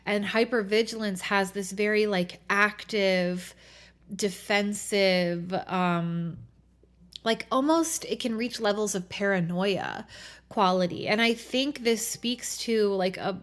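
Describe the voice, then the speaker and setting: A young adult woman talks through her thoughts on her solo podcast. Her voice sits at an ordinary middle pitch, and her speech is loose and conversational, dotted with fillers. She sounds thoughtful and unhurried. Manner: casual, thoughtful, many "like" fillers. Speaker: podcast host. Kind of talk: reflective solo podcast talk.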